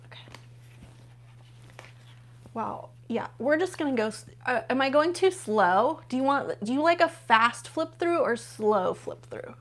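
A woman's voice: high voice, animated, measured pace, fairly bright tone. A woman hosting a casual live unboxing stream from home, gushing over what she unpacks and chatting with her viewers. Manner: gushing, chatty, talks to viewers while flipping pages.

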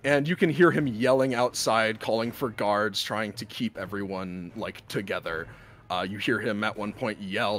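A man runs a tabletop game as its narrator, speaking at a moderate pace. His delivery is lively and animated, and the townsfolk get loud, high voices.

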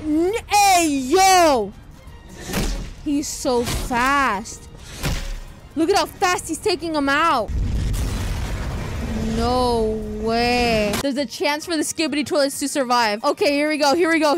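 A woman hosting a reaction video, excitable and quick to gasp and shout in surprise, with the soundtrack of the video she watches playing behind her. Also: high voice.

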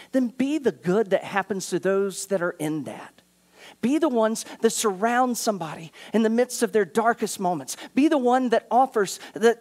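A man pastor preaching a sermon in a church, earnest, moving from urgent appeals to hushed, quiet passages. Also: sits high. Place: church sanctuary.

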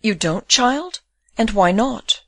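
Woman reading as a gentle condemned young man. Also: medium pitch, takes it slowly, no echo, full character voice. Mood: tender. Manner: calm, tender, grave.

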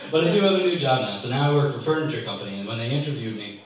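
A young man doing a stand-up comedy set in a club, ranting with exasperation and sudden jumps in pitch. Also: very fast, crowd noise. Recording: echoey club from far off. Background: audience laughter.

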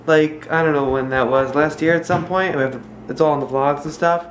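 A woman's voice: low voice, steady tone, brisk, echoey room, slight background noise. A young woman vlogging at home with a handheld camera, chatty. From New Jersey, New York area. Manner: chatty, cooing baby talk to a child. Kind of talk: casual home vlog. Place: home, indoors.

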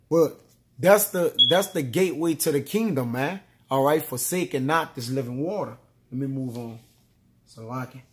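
Guy preaching scripture, kinda high voice, really animated, keeps saying man, all right. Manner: tags nearly every line with "man" and "all right?"; reads scripture aloud slowly. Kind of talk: scripture teaching sermon.

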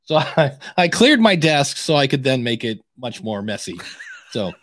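A man co-hosting a podcast, telling stories in a casual, animated way and laughing easily. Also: medium pitch, moderate pace. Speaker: podcast co-host. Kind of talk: casual live-stream chat.

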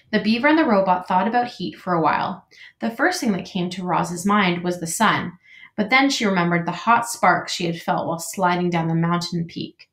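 A woman teacher reading a storybook aloud to her class with clear, steady storytelling, in an echoey room. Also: fairly low pitch, moderate pace.

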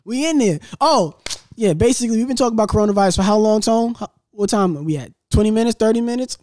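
A man co-hosting a podcast in casual chat, animated and joking as he tells stories, often laughing. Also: high-pitched, quick pace, no room sound, studio quality. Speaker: podcast co-host.

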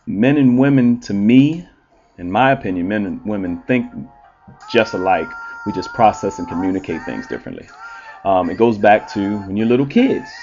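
A man who works as an entertainer and relationship show host, talking in a blunt, profane, animated monologue with frequent ums. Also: low voice, muffled recording. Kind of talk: casual monologue.

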